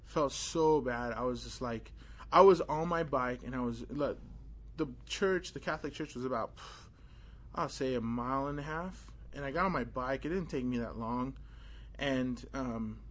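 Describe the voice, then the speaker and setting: A young man preaching an informal sermon, telling a personal story in a casual, animated way with many fillers. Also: mid-range voice.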